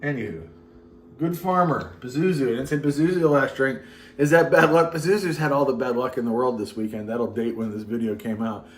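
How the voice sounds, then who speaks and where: Speaking briskly in a mid-range voice, a man co-hosts a show while making a cocktail at his farmhouse home. The chat is casual and loose, with plenty of rambling asides, and there's slight background noise.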